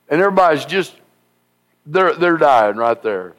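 A man preaching a sermon, telling stories in an animated, folksy and emphatic way. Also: on the high side, moderate pace. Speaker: pastor.

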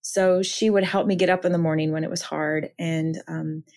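A woman's voice: sits low, steady tone, normal speed, darkish tone. Earnest woman telling her story. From Minnesota. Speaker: author and counselor, podcast guest. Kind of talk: personal testimony in conversation.

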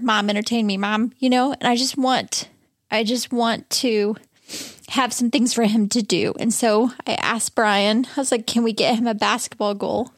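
A woman's voice: fairly high pitch, dry recording, studio quality. Earnest rambling woman in her thirties. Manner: earnest, rambling, halting restarts. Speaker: podcast co-host. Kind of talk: candid casual chat.

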